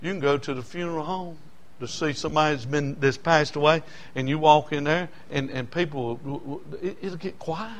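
A man's voice: on the high side, normal speed, hardly any pauses. Folksy preacher man telling stories. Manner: folksy storytelling, rising to emotional peaks. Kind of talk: sermon with personal testimony.

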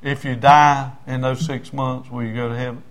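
A man's voice: mid-range voice, level tone, normal speed. A man, preaching and telling a story in a folksy way, full of "I said, he said" and building to fervent emphasis. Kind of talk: testimony story in a sermon.

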